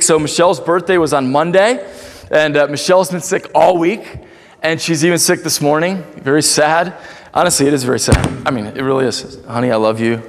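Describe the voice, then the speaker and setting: A man in his thirties, a pastor giving a sermon, telling a story with jokes and asides to the congregation. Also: sits high. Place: church sanctuary. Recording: long reverb of a church hall.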